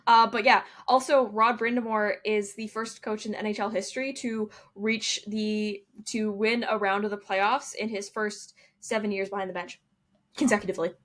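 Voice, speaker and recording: A woman's voice: medium pitch, level tone, normal speed, fairly bright tone. A young adult woman co-hosting a casual sports podcast, joking and ranting with frequent laughter. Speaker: podcast co-host.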